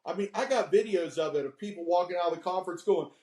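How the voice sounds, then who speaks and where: Animated man in his fifties, roomy sound. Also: high-pitched, fast. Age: 50s. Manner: animated storyteller, laughs at his own stories, preachy advice. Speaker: podcast guest. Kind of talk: candid podcast conversation.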